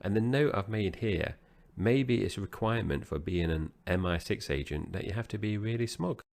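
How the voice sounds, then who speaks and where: A man co-hosting a film review podcast, recapping the plot in a relaxed, loose conversational way. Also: fairly low pitch, moderate pace, gravelly. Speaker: podcast co-host. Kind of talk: casual movie review chat.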